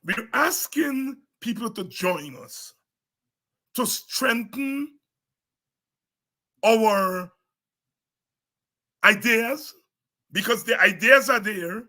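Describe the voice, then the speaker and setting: High, sharp-voiced Guyanese man rallying. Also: slightly rough. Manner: forceful, emphatic, repeats words for stress. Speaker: political party leader. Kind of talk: impassioned political address.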